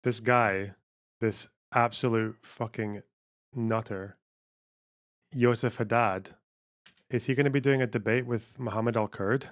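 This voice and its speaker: A man's voice: mid-range voice, fairly even intonation, a little slow, long pauses, dry recording. A young male streamer hosts a live stream in a casual, blunt manner. He swears freely and laughs often. His voice sounds close and dry, with little room sound. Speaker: streamer host.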